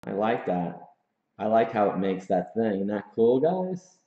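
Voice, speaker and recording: A man's voice: lowish voice, sing-song, measured pace. A man hosting a casual livestream from his home office, hyped and slangy, often laughing. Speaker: host. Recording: roomy, slightly dull room sound.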